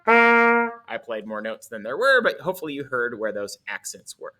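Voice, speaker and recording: A man's voice: mid-range voice, big pitch swings, moderate pace, sharp tone. A man teaching a music lesson, explaining in an upbeat, playful way with little asides.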